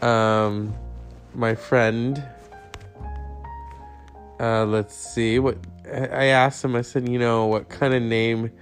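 Male podcast host, gravelly, unhurried, meandering monologue. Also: medium pitch, level tone, soft background music. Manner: rambling, meandering, many fillers.

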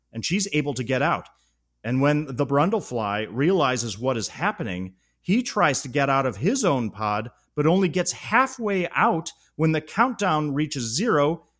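A man hosting a podcast, retelling a film's plot with enthusiasm and dropping low and solemn for the sad parts. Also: a bit bright. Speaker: podcast host.

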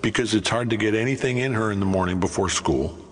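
A man's voice: on the low side, quick pace. A middle-aged man, an actor, telling rambling, self-deprecating stories in casual chat. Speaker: actor guest.

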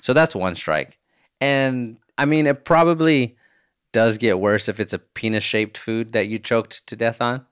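A man's voice: medium pitch, unhurried, clean tone, no room sound, clean studio sound. Laid-back man telling funny stories. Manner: animated storytelling, swears, laughs often. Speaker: podcast host. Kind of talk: casual podcast chat answering listener voicemails.

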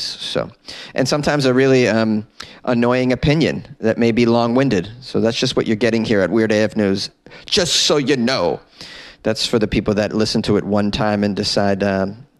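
A man's voice: mid-range voice, no room sound, clean studio sound. Joking man hosting a comedy news podcast. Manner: joking, rambling, self-mocking. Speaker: podcast host.

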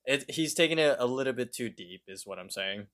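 A man's voice: mid-range voice, lively intonation, brisk, a bit bright. A man co-hosting a podcast in casual chat, talking hesitantly and thinking aloud as he describes a cartoon scene. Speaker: podcast co-host.

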